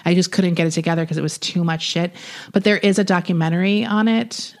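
A woman co-hosts a casual podcast in a slightly low voice. She reads news stories aloud and chats loosely, with plenty of fillers. The delivery is relaxed and conversational. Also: quick pace. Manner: relaxed, loose, filler-heavy with many uhs and likes. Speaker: podcast co-host.

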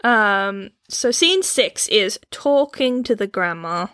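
A woman's voice: medium pitch, lively intonation, a bit bright. A young woman, co-hosting a podcast in giggly, teasing casual chat while planning a story. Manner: giggly, teasing, quick back-and-forth. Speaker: podcast co-host.

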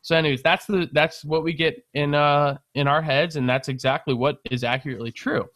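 A young man casually telling a long story on a podcast, animated, swearing and laughing as he goes. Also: fairly high pitch, a little fast, dry recording. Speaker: podcast co-host.

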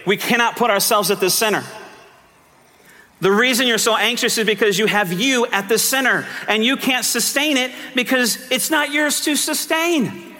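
A man preaching a sermon as pastor, moving from quiet teaching to fervent, almost shouted appeals. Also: extremely high pitch, normal speed, in a large hall.

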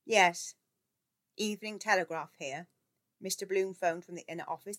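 A woman reading a literary novel aloud, expressive and shifting into voices for the characters. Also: lowish voice, normal speed, long pauses. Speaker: audiobook reader.

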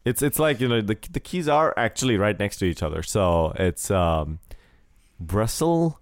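A man's voice: on the low side, normal speed, no echo, clean studio sound. A man co-hosting a casual soccer podcast, recapping results with lots of fillers and jokes. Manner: rambling, jokey, many fillers. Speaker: podcast co-host.

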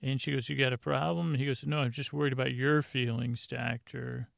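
Flat, gravelly-voiced man recapping casually. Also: mid-range voice, brisk, no echo, clean studio sound. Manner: rambling, reads from own notes with many fillers. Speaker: podcast host.

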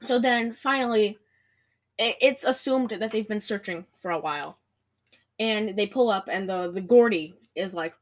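A young woman chatting casually, recapping a movie in quick, giggly bursts with lots of laughter. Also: medium pitch. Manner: giggly, rapid-fire, animated storytelling.

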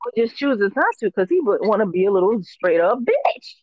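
A woman's voice: mid-range voice, sing-song, moderate pace, no room sound, highs cut off. A woman co-hosting a podcast in casual chat, blunt and profane with mock threats. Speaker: podcast co-host.

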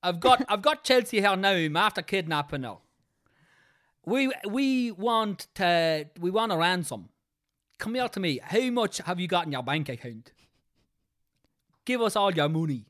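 A podcast host voicing a rough, pushy kidnapper on the phone with a Dundalk Irish accent, talking in loud, clipped demands. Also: mid-range voice, animated, unhurried, pitched above the performer's own voice. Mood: demanding.

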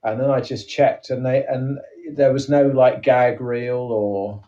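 A man's voice: mid-range voice, fairly even intonation, a little slow, mellow. Man, comedy podcast co-host, rambling, hesitant, playful, distant, lo-fi. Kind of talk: casual comedy chat. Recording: dull, distant podcast audio.

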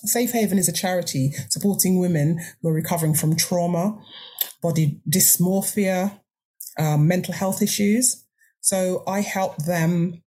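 Older woman guesting, low husky mellow voice, earnest, thinks aloud. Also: measured pace. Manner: earnest, reflective, many restarts. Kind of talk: podcast interview.

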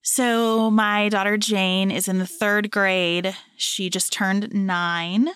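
A woman in her thirties co-hosting a podcast, telling a family story in an animated, chatty way. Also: medium pitch, slow, clean tone, no room sound, clean studio sound. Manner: warm, animated storytelling with laughs. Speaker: podcast co-host.

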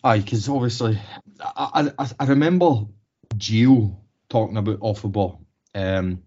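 Warm low-voiced Scottish man, podcast chat. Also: unhurried, slightly rough. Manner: swears freely, frequent restarts and stressing of points. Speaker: podcast co-host. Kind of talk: casual football podcast chat. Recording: slightly dull lo-fi podcast audio.

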